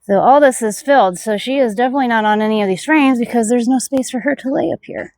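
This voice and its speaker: A woman's voice: on the high side, fast talker, a little mellow, no room sound. Chatty woman beekeeper outdoors, dry close sound. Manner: chatty and self-narrating, muttering asides half to herself; talks to the bees. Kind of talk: casual narration of a hive inspection. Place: outdoors by a beehive.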